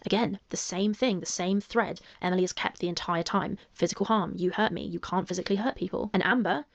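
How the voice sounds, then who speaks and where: Calm-voiced woman reading and analysing messages. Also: lowish voice, fairly quick, highs cut off. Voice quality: calming voice. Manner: analytical, emphatic rhetorical questions. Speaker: commentator reacting to messages. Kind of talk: measured commentary reading messages aloud.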